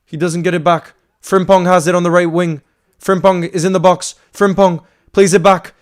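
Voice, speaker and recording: A man hosting a live fan watchalong, calling the play, repeating himself, and swinging between frustration and shouting. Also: high voice, moderate pace. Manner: emotional, swings from frustrated to screaming excitement; calls play by play, repeats phrases.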